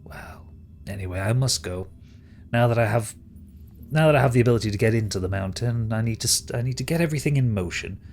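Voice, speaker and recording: A man's voice: medium pitch, quick pace, a little mellow, a little hiss or hum, lightly acted. A British man voicing a smug, sneering male villain who schemes and gloats. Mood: gloating.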